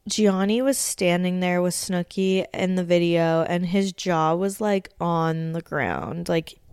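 A woman with a lowish, smooth, resonant voice talks through a TV episode as a podcast host. Her delivery is loose and chatty, packed with fillers and easy swearing. The sound is close and dry. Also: darkish tone, dry recording. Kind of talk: casual episode recap commentary.

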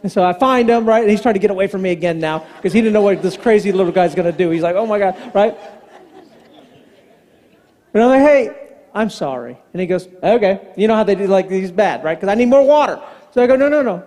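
A man, a pastor, preaching a storytelling sermon, animated and self-mocking, acting out the dialogue of his story in a large church. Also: high-pitched, fast. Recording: long hall reverb.

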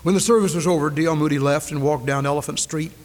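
A male preacher in a church sanctuary, preaching with a fairly high voice and dramatic swings from ringing declarations to near-whispers. He drives his points home by repeating phrases. The 1990s recording carries a long reverb from the hall. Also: fast talker, darkish tone. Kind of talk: sermon.

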